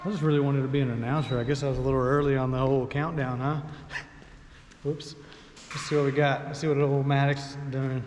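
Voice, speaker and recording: A man's voice: mid-range voice, fairly quick, a little hiss or hum. A man, playfully narrating a family game with his kids, teasing and laughing. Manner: animated, laughing, teasing, calls out play-by-play. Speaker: dad vlogger. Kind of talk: playful family vlog chat. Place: home, indoors. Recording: echoey room with long reverb.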